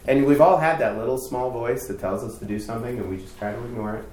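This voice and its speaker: A man's voice: mid-range voice, fairly even intonation, fast talker, few pauses, darkish tone, a little hiss or hum. A man giving a candid, chatty storytelling sermon as youth pastor, poking fun at himself. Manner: candid, self-mocking, chatty. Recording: echoey room, distant mic.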